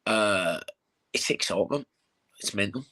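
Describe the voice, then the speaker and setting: Chatty fighter, says mate a lot. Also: male voice, fairly low pitch, unhurried. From England. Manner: animated storytelling, swears, says "mate" a lot. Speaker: bare-knuckle fighter, interview guest. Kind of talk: casual interview chat.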